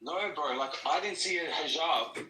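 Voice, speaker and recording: A man's voice: fairly high pitch, moderate pace, pushed and bright. An Australian man calling in, ranting aggressively and profanely in a rambling way. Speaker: caller. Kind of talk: heated call-in rant. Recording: echoey and distant.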